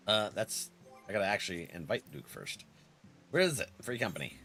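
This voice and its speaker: A game streamer speaks at a moderate pace while faint music plays underneath. He's a talkative man who reads viewer messages out loud, laughs frequently, and moves his pitch around animatedly.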